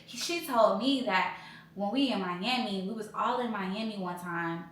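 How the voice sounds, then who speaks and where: Blunt, animated woman in an echoey room. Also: measured pace. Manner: animated, blunt, profane, mimics others with sudden high loud outbursts. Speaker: podcast host telling her breakup story. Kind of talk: casual storytelling vlog. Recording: very echoey room, faint background noise.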